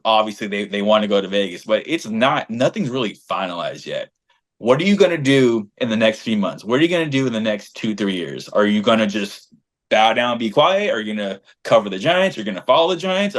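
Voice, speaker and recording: A man co-hosting a casual fan podcast, swinging his voice up and down as he tells a story. His talk is slangy and emphatic, full of restarts and asides. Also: on the low side. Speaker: podcast co-host and fan group leader.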